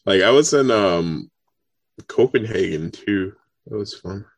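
A man's voice: fairly low pitch, animated, measured pace, husky, dry recording. An American man from Connecticut, a podcast guest chatting loosely, swearing freely, filling with "like" and laughing often. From Connecticut, USA. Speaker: podcast guest, game designer. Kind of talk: casual chat.

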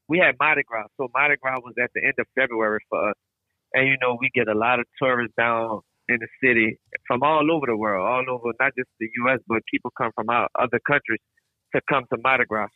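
A man's voice: mid-range voice, no echo. A man with a New Orleans accent, a flag football player who is a guest on a podcast and answers in an easygoing, plain-spoken way. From New Orleans, United States. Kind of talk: casual interview answers. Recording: tinny, dry phone line.

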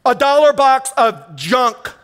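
High-voiced energetic preacher man. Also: takes it slowly, smooth. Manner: energetic, storytelling, exclaiming. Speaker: pastor. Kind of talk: sermon.

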